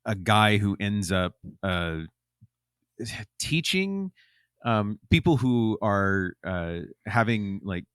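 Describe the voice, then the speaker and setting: Low-voiced rambling man, dry sound. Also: expressive, slow pace, fairly bright tone, clear, resonant tone, no echo. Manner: rambling, many ums and restarts. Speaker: podcast guest. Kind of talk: casual chat.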